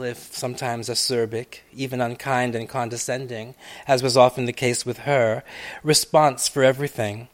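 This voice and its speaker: A man reads his personal essay aloud in a measured, reflective way. His voice sits at a middle pitch and moves through long winding sentences full of asides. He swells louder on key phrases, then drops back almost to a hush. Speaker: author reading his own personal essay. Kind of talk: literary reading.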